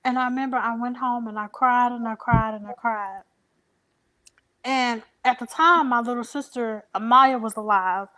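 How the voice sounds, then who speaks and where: A young woman telling a personal story as an interview guest, emotional and halting, with many pauses and fillers. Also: a little high, fairly even intonation, sharp tone.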